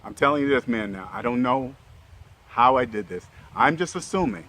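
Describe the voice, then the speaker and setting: A man's voice: mid-range voice, lively intonation, moderate pace, a bit bright. A man talking casually and earnestly to his viewers, repeating himself often and checking in with "okay?" after his points. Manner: repetitive, keeps checking in with "okay?"; earnest and straightforward. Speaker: relationship vlogger.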